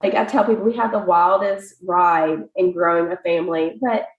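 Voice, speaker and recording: A woman's voice: on the low side, moderate pace, narrow, tinny audio. Chatty woman telling her story. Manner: chatty, animated, many fillers, laughs often. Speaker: podcast guest. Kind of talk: casual interview storytelling. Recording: echoey room.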